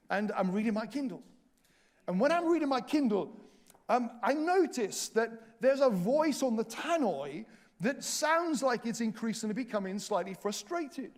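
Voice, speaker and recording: A man preaching in a church, telling a self-mocking travel story with lively humor. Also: high-pitched. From Wales. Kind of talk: storytelling sermon. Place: church hall.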